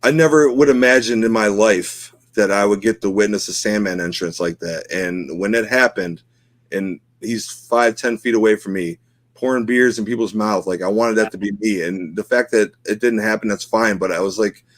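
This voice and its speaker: A man's voice: fairly low pitch, moderate pace, no echo. A middle-aged man co-hosting a podcast, talking in an emotional, rambling way with lots of fillers. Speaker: podcast co-host. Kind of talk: casual chat.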